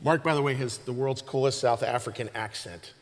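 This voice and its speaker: A man's voice: mid-range voice, brisk, in a large hall, slight background noise. A man, the pastor hosting the service, giving an informal sermon talk to the congregation in a conversational way full of restarts. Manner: conversational, with many restarts and "you know"s. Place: church stage.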